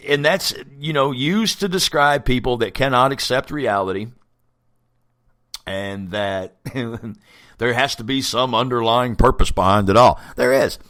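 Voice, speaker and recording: A man's voice: medium pitch, fairly bright tone, no room sound. A man hosting a podcast, delivering a profane, blunt ranting monologue and laughing often. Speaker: podcast host.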